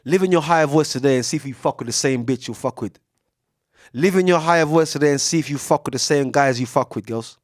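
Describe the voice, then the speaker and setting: A young man with gives a casual, preachy podcast monologue, swearing freely and swinging between loud bursts and hushed asides. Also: on the high side, fast talker, no room sound, clean studio sound. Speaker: podcast speaker. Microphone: studio mic.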